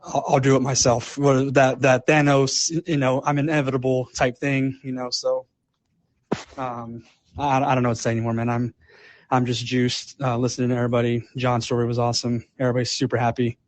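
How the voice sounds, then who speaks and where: Flat-voiced rambling caller. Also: male voice, mid-range voice, dry recording. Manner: rambling, halting, many fillers. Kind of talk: casual call-in chat. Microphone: live audio app.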